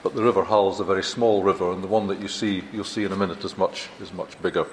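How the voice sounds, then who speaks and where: An older Scottish man gives a conference lecture in a roomy, echoing hall with a faint hum of ambience behind him. His voice sits a little low, and he talks in a chatty, self-deprecating way, often stumbling and restarting his sentences. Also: steady tone, quick pace. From Scotland. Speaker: visiting university lecturer. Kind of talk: conference keynote talk.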